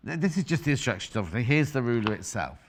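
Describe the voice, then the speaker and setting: A woman's voice: rumbling low, very animated, fast talker. A middle-aged woman presenting a live TV sewing demonstration as a quilting expert, chatty and bantering with crew and viewers.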